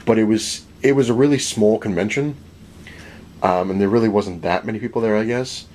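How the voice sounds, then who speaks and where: A low-pitched man telling a convention story in a loose, rambling vlog style. He keeps quoting what people said, slipping into quick impressions of them, and laughs now and then. A faint hum of room noise sits behind him. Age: adult, married. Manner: rambling, animated retelling with many "he's like" quotes and laughs. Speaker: comic collector vlogger. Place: home room full of comic collectibles.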